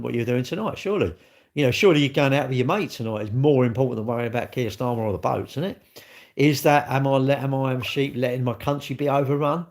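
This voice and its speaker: Speaking indoors at his workplace, a man who is both a livestreamer and a car dealer chats casually on a live stream, rambling and responding to viewer comments along the way. He has a mid-range, darkish voice with vocal fry.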